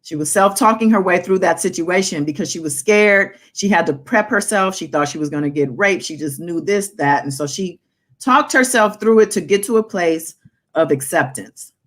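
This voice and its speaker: Relaxed woman hosting a chat show. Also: on the low side, moderate pace. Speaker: podcast host. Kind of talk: casual podcast chat.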